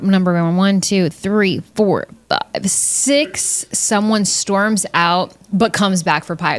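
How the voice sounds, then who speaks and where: Woman podcast host, lower voice, casual monologue, profane and jokey, mimics relatives with squeaky put-on voices. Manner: blunt, profane, jokey, mimics family members in high voices.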